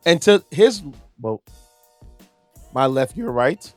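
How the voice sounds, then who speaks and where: A man's voice: on the high side, sing-song, takes it slowly, darkish tone, dry recording, soft background music. Playful showy male podcast host. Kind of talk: casual chat.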